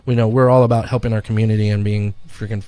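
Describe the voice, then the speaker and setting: A man's voice: on the low side, level tone, fast, mellow, no room sound. Middle-aged guy cohosting a podcast, rambling stories, swears casually, acts out the quotes. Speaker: podcast co-host. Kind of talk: casual chat. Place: studio.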